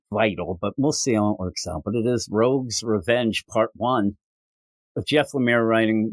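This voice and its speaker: A man co-hosts a comic book podcast, chatting casually. He rambles, pokes fun at himself, and his pitch leaps up each time he quotes someone. There's no echo.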